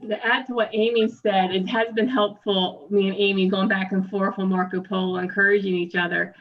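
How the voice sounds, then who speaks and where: Woman member on a dull-sounding video call, earnest, measured, average pitch. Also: flat delivery. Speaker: group member. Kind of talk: casual chat on a video call.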